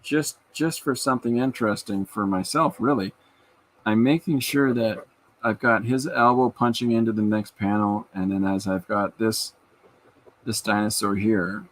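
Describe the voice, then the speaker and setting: A man's voice: fairly low pitch, fairly even intonation, normal speed, low-quality recording. A man hosting a podcast, chatting casually and rambling through stories while he draws. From Canada. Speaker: podcast host and artist. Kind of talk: casual chat while drawing.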